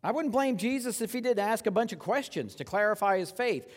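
Guy preaching a sermon, kinda high voice, chatty then hushed, big hall reverb. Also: animated. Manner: conversational preaching, swings from loud rhetorical questions to hushed, slow reverence. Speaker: pastor.

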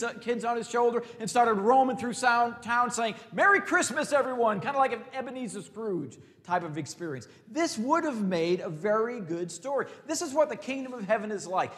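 A pastor preaches in a high voice, shifting from loud emphasis to hushed, stretched-out phrases. He draws the congregation into call-and-response, and the recording carries the sound of a large room.

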